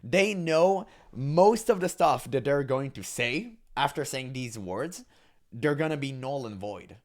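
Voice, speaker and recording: Scornful ranting man with lively pitch. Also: a little slow. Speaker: reaction commentator. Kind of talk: casual reaction commentary.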